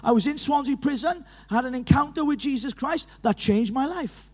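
A middle-aged man with a Welsh accent from Llanelli, preaching an animated evangelistic sermon in a church hall, full of stories and urgent calls. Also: very high-pitched, normal speed, husky. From Wales. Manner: animated, storytelling with laughs, rising to urgent calls. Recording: reverberant hall.

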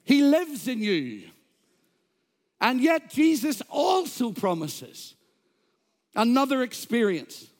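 A man's voice: very high-pitched, wildly swooping pitch, slow pace, pauses often. A man, a Pentecostal pastor, preaching an emphatic sermon in church, quoting scripture and joking with the congregation.

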